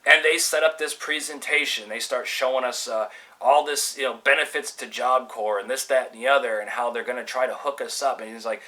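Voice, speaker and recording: Bright-voiced man telling a story. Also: mid-range voice, brisk, rough recording. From California, USA. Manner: animated, swears freely, acts out quoted voices. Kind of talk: casual spoken storytelling.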